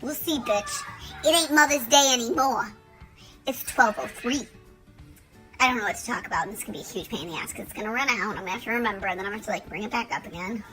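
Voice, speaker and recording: A woman in her thirties talks straight to camera in a vlog, rambling from one joke to the next. Her voice is bright and fairly high, and she swears casually as she goes. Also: low-quality recording. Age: 30s. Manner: rambling, jokey, profane. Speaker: vlogger.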